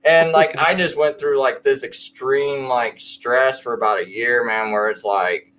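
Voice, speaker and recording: A man's voice: mid-range voice, steady tone, a little slow, fairly bright tone. A man telling a personal conversion story in a casual late-night chat, rambling and full of fillers.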